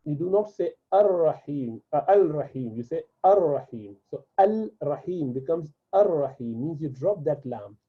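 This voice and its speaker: Husky-voiced man teaching, tinny phone-like sound. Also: a little high, animated. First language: Urdu. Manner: patient, repeats and drills words slowly. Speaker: Arabic teacher. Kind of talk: classroom lesson explanation.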